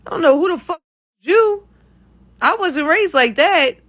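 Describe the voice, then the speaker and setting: A woman with a high, bright, piercing voice delivers an exasperated reaction rant. She swears freely and keeps the heat up from line to line. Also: expressive, measured pace. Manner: profane, exasperated, heated. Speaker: content creator. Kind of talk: ranting reaction commentary.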